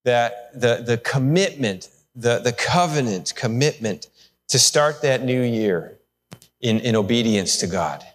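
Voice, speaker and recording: Pastor preaching in a reverberant church. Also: male voice, medium pitch, animated, a little slow. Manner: conversational, with restarts and repeated words. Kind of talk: live sermon. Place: church sanctuary. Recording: long church hall reverb.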